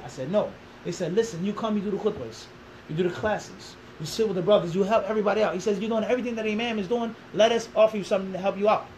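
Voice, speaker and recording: A man telling a long story as an interview guest, animated, acting out quoted dialogue and throwing in rhetorical questions. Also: sits high, a little hiss or hum, low-quality recording.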